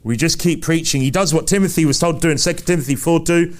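A man's voice: fairly high pitch, lively intonation, fast. A man preaching a sermon, repeating phrases with emphasis and asking the congregation rhetorical questions.

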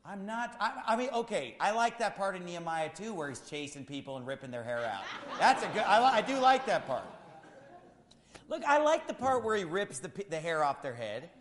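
Male pastor, high voice, fiery sermon delivery, long church reverb. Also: big pitch swings, fairly quick. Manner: impassioned preaching, rising to shouts.

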